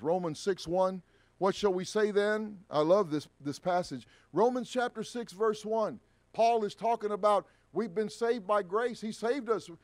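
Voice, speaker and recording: A man preaching a sermon, swinging from emphatic rises to quiet asides. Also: sits high, dry recording. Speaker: pastor. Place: church sanctuary.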